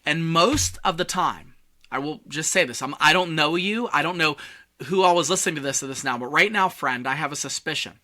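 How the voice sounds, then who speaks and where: A man leads a public speaking lesson in a casual, joking tone. His voice is very bright and sits a little high. He swings on purpose between big, loud passages and soft, hushed ones. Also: fairly quick. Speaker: communication coach.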